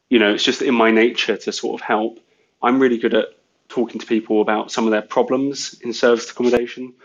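A man's voice: mid-range voice, highs cut off. A man telling business stories in a casual, rambling way, full of "you know". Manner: chatty, filler-heavy with lots of "you know". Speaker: guest business owner. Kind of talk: casual storytelling.

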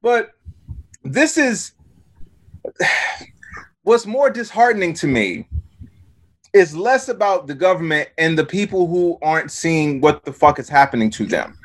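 A man on a remote call, chatting as a guest in a casual political talk, animated and telling stories with many stumbles and repeated words. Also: fairly high pitch, a little slow, long pauses.

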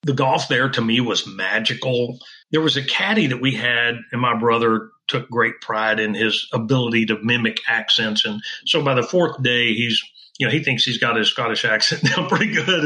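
A man's voice: medium pitch, moderate pace, sharp tone, poor audio. A middle-aged man who designs golf wedges, telling stories in an interview with an emphatic, self-assured manner. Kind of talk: interview conversation.

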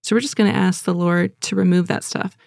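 Gravelly soft-spoken woman leading prayer. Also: lowish voice, fairly even intonation, brisk, no echo, clean studio sound. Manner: earnest, gentle, casual with frequent fillers. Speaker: devotional teacher leading prayer. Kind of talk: devotional teaching and guided prayer.

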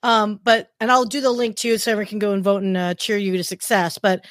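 A woman's voice: medium pitch, level tone, fast talker, fairly bright tone, dry recording, clean studio sound. A woman who hosts a live-streamed interview, talking in an emotional, encouraging, chatty way. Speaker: host.

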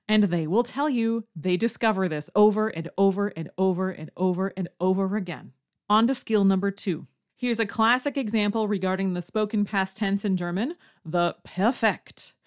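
A woman hosting a language-learning podcast, reading a scripted lesson and acting out learners' questions in a higher voice. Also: expressive, measured pace. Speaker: language teacher and podcast host.

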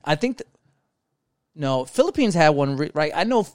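A man's voice: on the high side, very animated, moderate pace, darkish tone, no room sound, clean studio sound. A man co-hosting a podcast, chatting casually in a rambling way, swearing freely and trailing off mid-thought. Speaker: podcast co-host.

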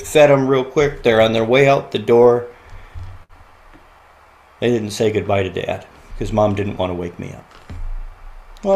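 A man's voice: medium pitch, a little mellow. A man who is a podcast guest, telling personal stories in an earnest, reflective way and often laughing. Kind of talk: heartfelt podcast conversation.

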